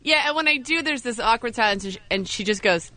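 A man's voice: very high-pitched, expressive, fast talker, bright, forceful tone, no echo. A man presenting the entertainment news on a morning radio show, chatty and amused. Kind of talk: radio showbiz segment.

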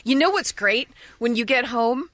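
Bright-voiced woman telling a sarcastic story. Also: on the high side, lively intonation, moderate pace, no echo. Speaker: storyteller on a comedy panel podcast. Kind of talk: casual chat.

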